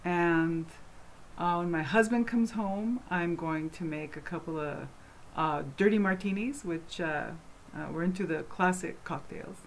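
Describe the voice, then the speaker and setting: A woman with a fairly low voice chats casually to camera from her home, answering viewer questions. She rambles through fillers and restarts, turning animated and passionate as she goes. A faint hiss sits underneath. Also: a little slow. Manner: animated and passionate when speaking. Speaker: vlogger answering fan questions. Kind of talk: casual chat.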